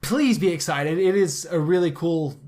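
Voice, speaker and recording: A podcast host chatting casually in an excitable, rambling way, often restarting and repeating words mid-sentence. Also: mid-range voice, normal speed.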